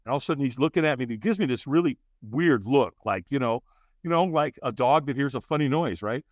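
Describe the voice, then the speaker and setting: Lively, animated male podcast guest. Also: fast talker, no echo. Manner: acts out dialogue with big jumps in pitch. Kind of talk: animated storytelling.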